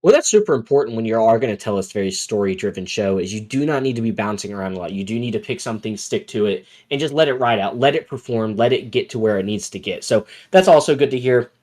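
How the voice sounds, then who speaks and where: Fast-talking male podcast co-host. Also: on the low side, animated, a little mellow. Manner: chatty, rambling with fillers. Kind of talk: casual chat.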